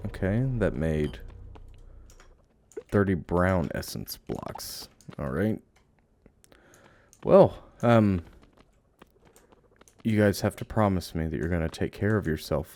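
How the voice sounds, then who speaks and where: Deep gravelly man playing a game. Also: slight background noise. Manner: playful, coos and baby-talks at game creatures; drifts into hushed, musing narration. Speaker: game streamer. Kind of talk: let's play commentary.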